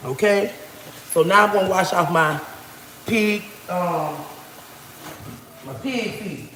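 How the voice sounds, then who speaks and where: A woman's voice: lowish voice, takes it slowly, a bit bright, roomy sound, in a large hall, slight background noise. A woman chatting preachily and boastfully to livestream viewers as she cooks at home, calling them baby and honey, talking into a propped-up phone. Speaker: livestream vlogger. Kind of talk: casual preachy livestream chat while cooking. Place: home kitchen. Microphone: phone propped nearby.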